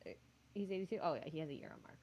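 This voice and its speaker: Woman, streamer host, casual chat, lively pitch, frequent laughter. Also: very fast, gravelly, slight background noise. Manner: animated, laughs often.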